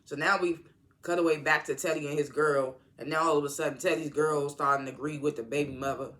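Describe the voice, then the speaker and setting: A TV episode reviewer in a casual recap, rambling and halting with lots of fillers and exasperated asides. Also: mid-range voice, steady tone, fairly bright tone.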